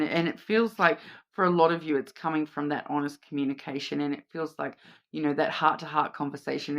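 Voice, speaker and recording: Australian woman, card reader, chatty and reassuring, lots of ums and restarts. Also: low voice. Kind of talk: casual card reading to camera.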